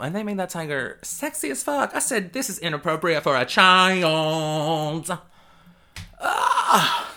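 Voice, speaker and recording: A podcast host giving a loose, rambling solo monologue while high, often breaking into giggles. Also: bright, forceful tone.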